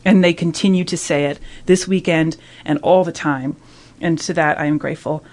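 A woman's voice: low-pitched, fairly even intonation, moderate pace, darkish tone. A woman in her thirties hosting a radio talk discussion, speaking earnestly and reflectively. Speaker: radio host.

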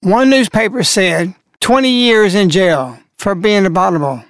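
A woman's voice: mid-range voice, normal speed, dry recording, studio quality. A woman hosting a religious broadcast, delivering preachy, scolding commentary. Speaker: broadcast host.

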